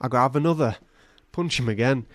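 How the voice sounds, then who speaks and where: A man's voice: fairly quick, no echo. A man co-hosting a podcast, telling an improvised comic story and acting out the characters in it. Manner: animated, acts out characters with big jumps in pitch. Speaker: podcast co-host.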